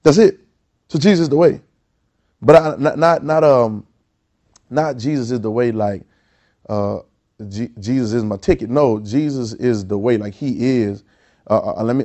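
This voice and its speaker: A man preaching a sermon, calling on the congregation to answer back and building to loud, emphatic peaks. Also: mid-range voice. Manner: exhorting, calls for congregation responses.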